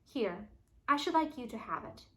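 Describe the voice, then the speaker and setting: A woman's voice: on the high side, lively intonation, normal speed, sharp tone. A woman voicing a timid, earnest peasant boy in a storybook read-aloud.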